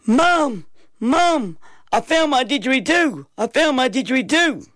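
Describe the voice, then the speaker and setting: A man doing an excited, shrill little Australian boy. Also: measured pace, creaky, husky, dry recording, clean studio sound, full character voice.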